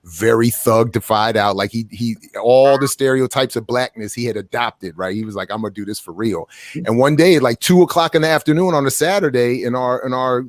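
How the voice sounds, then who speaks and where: A man's voice: mid-range voice, brisk, few pauses, no echo, studio quality. A middle-aged man co-hosting a morning talk show, telling stories in casual chat and acting out what people said. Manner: animated storyteller, acts out quotes. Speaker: show co-host.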